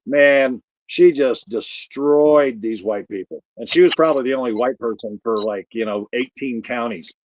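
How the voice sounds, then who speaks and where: Halting man hosting an online class. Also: mid-range voice, highs cut off, slight background noise. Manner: halting, many ums and uhs. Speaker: host. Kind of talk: casual chat.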